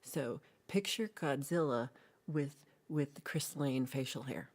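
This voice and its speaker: A woman's voice: extremely low pitch, slow, darkish tone. A woman hosting a livestream, chatting casually and retelling a film in a rambling, playful way with asides. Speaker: livestream host.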